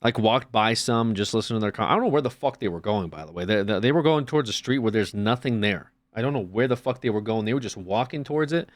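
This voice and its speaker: A man's voice: lowish voice, lively intonation, fast talker, few pauses. A man streaming, chatting casually, swearing often and acting out little scenes. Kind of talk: casual chat.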